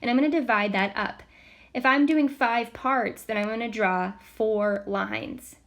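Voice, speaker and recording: A woman teacher walking students through a recorded math lesson step by step, patient, counting aloud softly as she works. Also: on the high side, unhurried.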